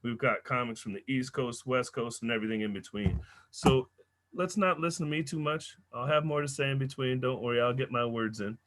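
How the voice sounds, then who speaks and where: A young man hosting a stand-up comedy show, telling loud, animated stories with swearing and punchy character voices. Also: medium pitch, brisk, slight background noise.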